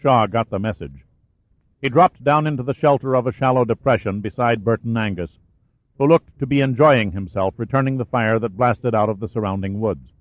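A man reading a war thriller aloud as an audiobook narrator, in steady storytelling. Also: mid-range voice, fairly quick, no room sound. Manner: steady storytelling, lifts and raises his voice for shouted dialogue. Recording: dry, tinny phone-like sound.

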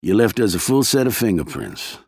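Guy doing a cold southern hitman, lazy drawl, unhurried and threatening. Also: fairly low pitch, big pitch swings, a little mellow, husky, no room sound, studio quality, full character voice. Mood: smug. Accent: American Southern. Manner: slow drawl. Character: menacing male gunman, slow and cold.

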